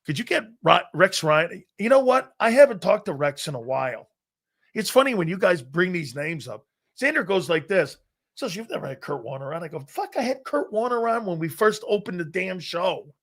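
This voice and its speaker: A man in his fifties hosts a live sports talk stream and tells locker-room stories from his playing days. His voice sits fairly high, and he swears freely, laughs often and quotes the people in his stories. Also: a bit bright. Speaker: sports talk show host, former player. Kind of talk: casual live-stream storytelling.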